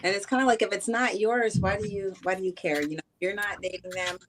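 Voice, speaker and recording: A woman's voice: mid-range voice, fairly even intonation, brisk, a bit bright, a little hiss or hum. A woman talking thoughtfully as a guest in a casual panel discussion.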